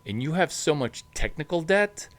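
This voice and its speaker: A man giving an animated talk about startups, emphatic and punchy, jumping up in pitch to stress points. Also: moderate pace. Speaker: startup advisor. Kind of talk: animated monologue to camera.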